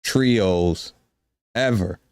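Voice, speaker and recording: A man co-hosting a sports talk podcast, giving his take in a measured way and thinking aloud. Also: sits low, darkish tone, clean tone, no echo, clean studio sound. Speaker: podcast co-host. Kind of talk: casual sports debate.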